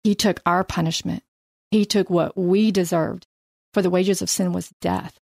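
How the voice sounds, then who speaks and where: A middle-aged woman leading a casual Bible study chat, telling lively stories about her husband and reading scripture slowly. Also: fairly low pitch, gravelly, dry recording, studio quality. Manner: animated storyteller, reads scripture slowly.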